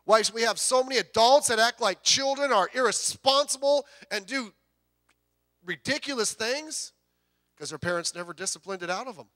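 A male pastor delivering a sermon in a high, bright voice that cuts through clearly. He drives his points home with rhetorical questions and slows down to stretch out the key words. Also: animated.

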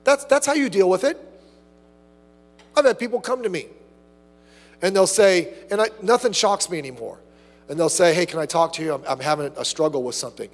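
A man preaching a sermon as pastor, animated, acting out little asides and quotes. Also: high-pitched, brisk, pauses often, long reverb tail, soft background music.

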